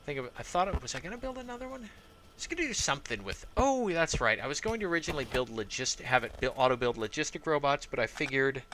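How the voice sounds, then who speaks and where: A man's voice: mid-range voice, big pitch swings, quick pace, a bit bright, slight background noise. A man from Arizona giving casual let's-play commentary, rambling and thinking aloud with many fillers. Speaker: gameplay commentator.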